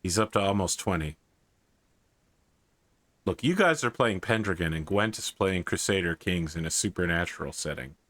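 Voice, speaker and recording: A man narrating a tabletop role-playing game as game master, in a relaxed way with frequent fillers. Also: deep voice, moderate pace, pauses often, no echo.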